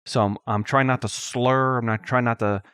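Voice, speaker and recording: A middle-aged man with a slight lisp, co-hosting a podcast in a casual, unscripted way. He thinks aloud and pauses often before picking the thread back up. His voice sounds dry and close. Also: mid-range voice, fairly even intonation, fairly bright tone, clean tone, dry recording. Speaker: podcast co-host.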